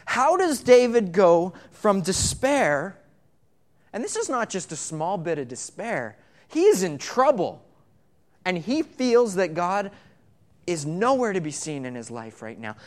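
A man's voice: sits high, sing-song, measured pace, long pauses. A man preaching in a church, talking casually with the congregation and often repeating words as he starts a phrase. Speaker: pastor. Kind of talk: sermon with congregation interaction. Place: church sanctuary.

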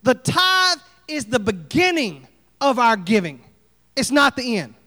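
A pastor preaching a sermon, folksy and animated, acting out little scenes. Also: male voice, very high voice, a little slow, long reverb tail. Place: church sanctuary.

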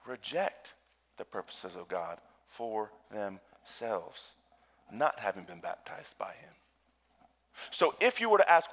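Man preaching with big swings in volume. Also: medium pitch. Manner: preaching with wide swings from loud to hushed; slows and stretches words for emphasis. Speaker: pastor. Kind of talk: sermon.

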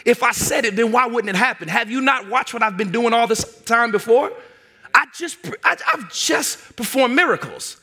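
A man playing an exasperated male teacher who rebukes his frightened followers in a voice pushed well above his usual pitch. The tone is forceful and incredulous as he scolds them for doubting. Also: normal speed, breathy edge, full character voice.

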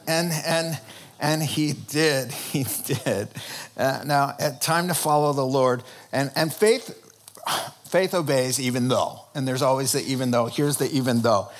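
A man preaching a sermon in an animated, humorous storytelling way, often restarting his phrases. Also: mid-range voice, measured pace. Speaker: pastor.

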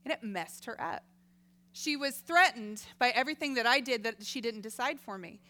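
A middle-aged woman giving a casual Christian teaching talk, telling stories lively and acting out voices. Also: on the high side, normal speed. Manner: lively storytelling, acts out quoted voices, laughs often. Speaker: Christian speaker.

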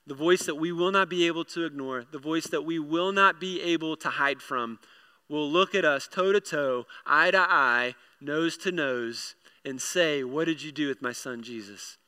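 A man in his thirties preaches to a congregation, his voice bright and ringing with a smooth, resonant clarity. He tells stories with many restarts and repeated words, then turns to a direct appeal. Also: on the high side. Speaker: pastor. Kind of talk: sermon. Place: church hall with congregation.

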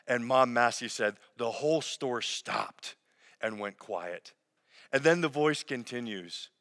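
Earnest preaching man in a reverberant hall. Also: medium pitch. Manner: earnest preaching, dropping soft and slow on key phrases. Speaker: pastor. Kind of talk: sermon. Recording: long reverb of a large hall.

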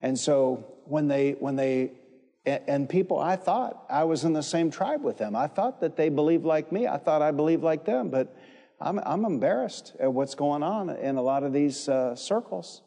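A man's voice: a little high, expressive, normal speed, gravelly, dark tone. Emphatic male preacher in a hall. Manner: emphatic, repeats phrases, calls congregation to respond. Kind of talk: sermon. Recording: echoey hall with long reverb.

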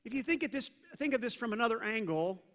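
A man preaching a sermon as pastor, swinging from loud emphatic peaks down to low, quiet stretches. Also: animated, fast. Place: church sanctuary. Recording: long hall reverb.

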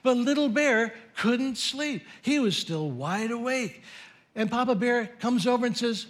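A man's voice: sits high, animated, unhurried. A middle-aged man preaching a sermon as pastor, telling a story in a playful way.

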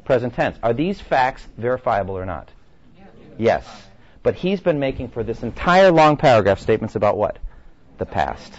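A man leads a lecture-style class with an emphatic delivery and a steady stream of rhetorical questions. His voice leaps up and down in pitch. The recording is muffled and lo-fi. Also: normal speed. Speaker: Bible class teacher. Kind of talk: lecture with read-aloud quotes.

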